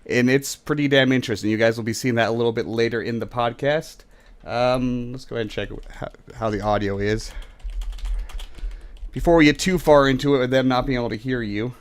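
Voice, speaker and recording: A man's voice: mid-range voice, brisk. A man hosting a casual podcast in a mid-range voice. He jokes his way through rambling introductions of his guests. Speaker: podcast host. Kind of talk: casual chat.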